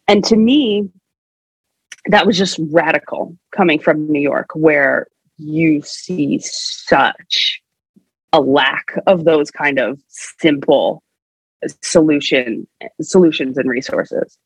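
A woman's voice: fairly low pitch, unhurried, husky, dry recording. Woman guest commentator, casual and chatty, muffled dry recording. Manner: chatty, with many fillers. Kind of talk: casual conversation.

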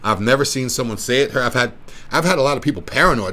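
A man's voice: mid-range voice, lively intonation, fast, a bit bright. A man who runs a wellness clinic, talking casually and persuasively in a rambling, repetitive way and pushing his point again and again. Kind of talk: casual explanatory talk.

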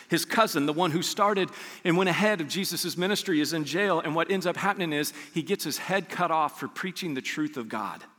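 A man's voice: a little high, sharp tone, big-room sound. A man preaching a sermon as pastor, talking conversationally and acting out scenes from scripture.

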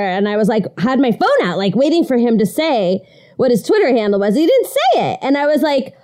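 A woman's voice: a little high, fairly quick. A middle-aged woman co-hosting a podcast, telling stories in a casual chat and acting out the voices. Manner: expressive storytelling, acting out voices. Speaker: podcast co-host.

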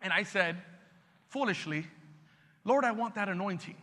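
A pastor preaching with call-and-response energy, leading prayer and urging the congregation to repeat after him. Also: male voice, sits high, moderate pace, bright, forceful tone. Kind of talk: sermon. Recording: long reverb in a hall.

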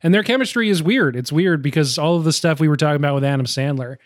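A man's voice: a little high, fast, dry recording, studio quality. A man co-hosting a casual movie podcast, talking in a thoughtful, rambling way with frequent restarts. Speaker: podcast co-host.

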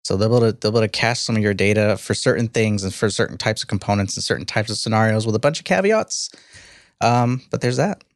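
A man co-hosting a podcast, chatting casually about software in a rambling way with restarts. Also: on the low side, dry recording, clean studio sound. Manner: fast, rambling, self-interrupting. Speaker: podcast co-host. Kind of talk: casual tech chat.

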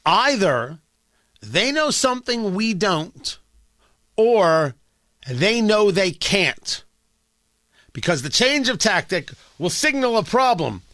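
A talk radio host with an East Coast American accent riffs sarcastically into a close, dry studio mic. His voice sits a bit high and bright, and it rises and falls in lively swings. Faint music plays under him. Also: dry recording. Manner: sarcastic, animated, jokey. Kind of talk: opinionated talk radio monologue.

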